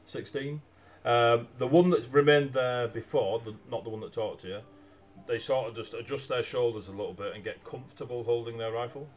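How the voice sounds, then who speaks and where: A man's voice: mid-range voice, a little fast. A man narrating a tabletop game as game master, rambling with many ums and uhs over a video call mic.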